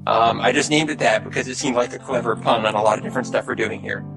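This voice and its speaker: A man's voice: medium pitch, fast, over music. A man from Texas hosting a casual podcast chat in an upbeat way, with fillers and laughs. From Houston, Texas. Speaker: podcast host.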